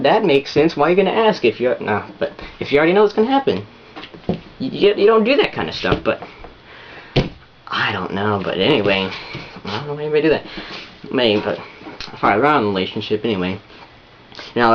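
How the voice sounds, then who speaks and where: A man's voice: on the low side, dull audio. Male vlogger, rambling and repetitive, faint hiss behind. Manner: rambling, repetitive, many restarts. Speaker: vlogger giving advice. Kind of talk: rambling casual monologue.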